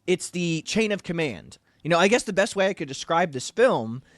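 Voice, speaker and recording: A man's voice: high-pitched, sing-song, normal speed, fairly bright tone, dry recording, clean studio sound. A man co-hosting a casual movie review show, rambling, with many restarts and fillers. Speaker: podcast co-host.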